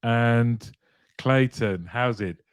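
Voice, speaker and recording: A man's voice: medium pitch, very slow, clear, resonant tone, no room sound, clean studio sound. A man hosting a casual live show, greeting viewers one by one and laughing lightly as he chats. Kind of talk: casual live-stream chat, reading viewer comments aloud.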